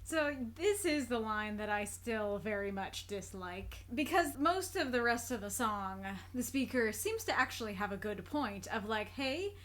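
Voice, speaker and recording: A woman's voice: on the high side, animated, a little slow, hardly any pauses, fairly bright tone. A woman giving casual spoken commentary for a reaction video. She talks earnestly, laughs often and circles back over her thoughts as she works them out.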